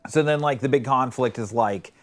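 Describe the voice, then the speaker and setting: A man co-hosting a podcast in casual chat, telling stories in a rambling, animated way and acting out quotes with swearing. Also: mid-range voice, moderate pace, faint music behind. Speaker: podcast co-host.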